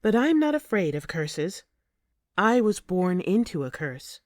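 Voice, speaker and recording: A woman reads a first-person audiobook in an expressive, emotive way. Her voice sits fairly low, with a very lively, wide-ranging pitch, and the recording is dry and close. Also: unhurried, no echo. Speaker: audiobook narrator.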